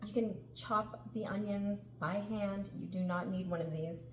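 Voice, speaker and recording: In an echoey home kitchen with background noise, a middle-aged cooking show host leads a casual demonstration. Her mid-range voice is steady and a little slow, and she stays bright and chatty, laughing often.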